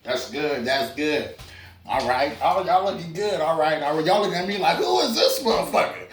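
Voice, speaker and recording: A man's voice: on the high side, moderate pace. A man in doing a stand-up comedy set, loose and chatty, with lots of fillers and asides to the crowd. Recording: roomy club sound from a distance.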